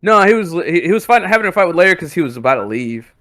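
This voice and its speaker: A man's voice: high-pitched, very animated, fast talker, sharp tone, dry recording. A man co-hosting a podcast, talking casually with lots of hesitations and filler words. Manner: hesitant, full of ums and likes. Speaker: podcast co-host. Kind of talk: casual chat.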